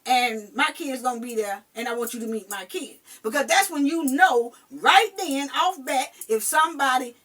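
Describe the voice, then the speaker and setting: A mother telling a personal story in casual chat, emphatic and animated, swearing now and then. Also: high-pitched, normal speed, hardly any pauses, far from the mic.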